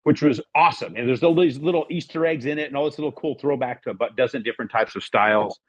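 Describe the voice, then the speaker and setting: Fast-talking husky middle-aged man. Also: mid-range voice, dry recording, dull audio. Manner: rambling, acts out quoted dialogue. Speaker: podcast guest. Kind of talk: casual storytelling.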